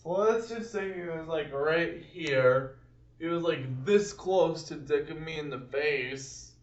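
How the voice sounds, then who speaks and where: Brief: young male vlogger, slow rambling storyteller, recorded far from the mic in a boomy room. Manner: rambling, halting, with many restarts. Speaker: vlogger telling personal stories. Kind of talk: casual storytelling to camera. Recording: distant mic in an echoey room, dull sound.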